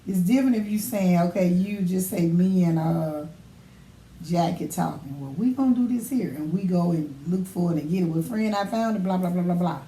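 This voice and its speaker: Woman, lowish mellow voice, measured advice-giving, echoey room. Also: slight background noise. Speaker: podcast co-host. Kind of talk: casual faith podcast chat.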